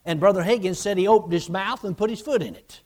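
A man delivers a sermon in a fairly high voice. He retells a story with emphasis and repeats his key phrases. His style is steady pulpit storytelling. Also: quick pace. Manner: emphatic and repetitive, retelling a vision with quoted dialogue. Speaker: preacher.

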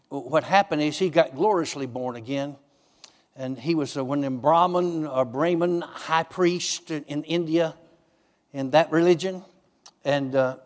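A man preaching a sermon, telling stories and acting out his own dialogue with God in a raised, lively voice. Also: fairly high pitch, big-room sound. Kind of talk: sermon with storytelling.

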